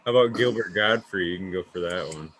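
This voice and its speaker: A man's voice: low voice, quick pace, fairly bright tone. A man in casual podcast chat, teasing and egging the others on.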